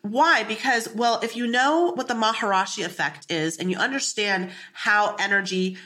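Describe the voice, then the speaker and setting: A woman hosts a podcast with a bright, forceful tone at a middling pitch. She speaks earnestly and with emphasis, like a teacher making a point about healing. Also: moderate pace. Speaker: podcast host. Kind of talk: casual chat.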